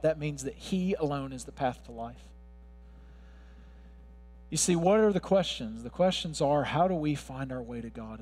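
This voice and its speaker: Male pastor, high voice, earnest preaching that swells on quotations, reverberant hall. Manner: earnest preaching, swelling louder when quoting scripture. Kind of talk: sermon.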